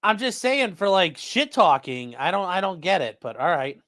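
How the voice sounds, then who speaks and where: Mocking, lively-voiced male streamer. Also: high voice, moderate pace. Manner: mocking, profane. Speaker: livestream host. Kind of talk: live commentary on court filings. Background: live chat stream.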